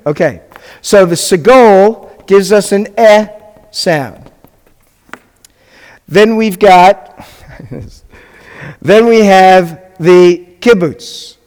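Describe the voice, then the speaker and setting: A man's voice: sits high, a little mellow. A man, a rabbi, teaching a live Hebrew class, drilling sounds with the students and making joking asides. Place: congregation classroom. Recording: long reverb in a hall.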